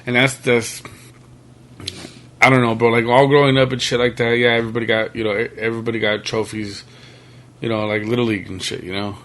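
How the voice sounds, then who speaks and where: A man's voice: medium pitch, flat delivery, brisk, fairly bright tone. Slangy young man, casual chat. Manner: slangy, filler-heavy, peppered with "bro" and "dog". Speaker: podcast guest.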